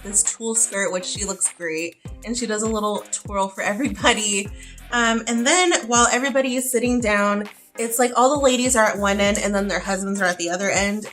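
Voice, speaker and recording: Woman, beauty vlogger, casual talky delivery, bright tone, faint music under. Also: medium pitch. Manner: chatty, heavy use of "like" fillers. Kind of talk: casual get-ready-with-me chat.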